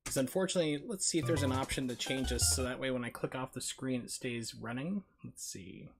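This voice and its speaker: A man's voice: mid-range voice, fairly quick, creaky. A man chatting casually and rambling while he sets up a live game stream, talking into a headset. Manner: chatty and rambling, with many fillers. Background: video game music.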